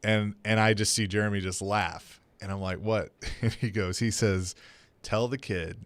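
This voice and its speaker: On a radio show, a male co-host and producer tells a wrestling story during casual banter, acting out the quotes as an animated storyteller. His voice sits lowish at a normal speed, recorded in a studio with no echo.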